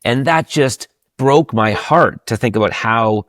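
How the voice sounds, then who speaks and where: A man hosting an interview, telling anecdotes in a lively, heartfelt way. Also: unhurried, no room sound, clean studio sound. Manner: animated storyteller, rising in pitch when moved. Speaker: podcast host. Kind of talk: casual interview chat.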